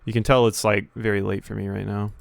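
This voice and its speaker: A man's voice: fairly low pitch, little pitch movement, fast talker, gravelly, dry recording. A man casually commenting on a video game as its host, rambling and self-deprecating, often stumbling over words. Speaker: let's play host.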